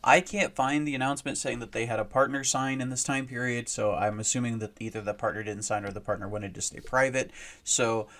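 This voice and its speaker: A man talking through a casual commentary video at a middling pitch. He rambles, circles back and restarts his sentences, with plenty of fillers. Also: fairly even intonation, fairly quick, a bit bright. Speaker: host.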